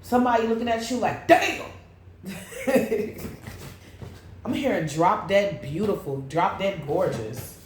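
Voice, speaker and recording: A woman's voice: mid-range voice, lively intonation, measured pace, long pauses, darkish tone. A woman doing a casual tarot reading, blunt and profane, breaking into sing-song asides. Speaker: tarot reader. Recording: echoey room with faint noise.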